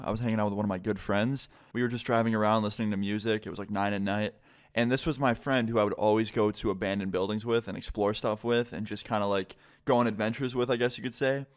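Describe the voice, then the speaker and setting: A man's voice: fairly low pitch, smooth. Young man telling a casual story. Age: young adult. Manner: casual, fast-flowing storytelling with many fillers. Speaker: vlogger. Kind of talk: story time vlog.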